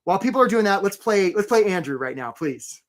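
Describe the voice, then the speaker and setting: A man's voice: sits high, big pitch swings, brisk. A man hosting a live career webinar, talking energetically and conversationally and often checking in with "right?".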